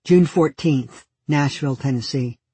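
A man reading his own diary entries aloud with dry, deadpan humor. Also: mid-range voice, measured pace, slightly rough, dry recording. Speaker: narrator.

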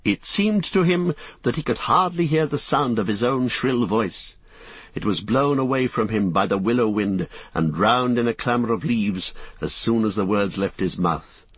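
A man reading a fantasy story aloud as narrator, steady and expressive. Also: medium pitch, slightly rough, no room sound. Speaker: audiobook narrator.

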